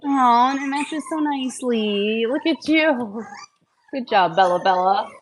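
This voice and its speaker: A woman breeding dogs who chats on a casual live stream at home, switching between high sing-song baby talk to puppies and low chatty asides. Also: unhurried, slight background noise, poor audio.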